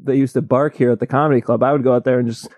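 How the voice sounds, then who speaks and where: A man who co-hosts a casual comedy podcast, delivering absurd theories in a deadpan way. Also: mid-range voice, racing, dry recording.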